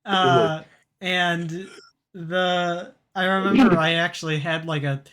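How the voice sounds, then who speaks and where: A young man co-hosting a podcast, telling a story in a rambling, halting way with plenty of fillers and restarts. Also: high-pitched, steady tone, fairly bright tone. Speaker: podcast co-host. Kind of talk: casual chat.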